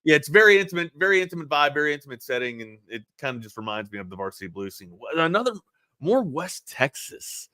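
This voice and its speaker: A man with a slight Baltimore accent co-hosts a sports talk show, rambling and animated as he breaks down games. His voice is bright and forceful. It is recorded dry and close on a studio mic. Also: a little high, fast talker, dry recording.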